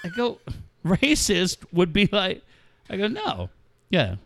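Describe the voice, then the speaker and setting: A middle-aged man with a high-sitting voice and vocal fry takes it slowly while co-hosting sports radio. Chatting casually, he's an animated storyteller who acts out quotes and swears freely.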